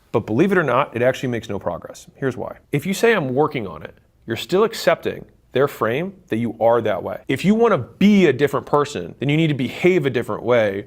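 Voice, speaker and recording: Blunt, emphatic man giving advice. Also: medium pitch. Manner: blunt and emphatic, swears for emphasis, acts out quoted relatives. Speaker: business creator giving advice. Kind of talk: direct-to-camera advice talk.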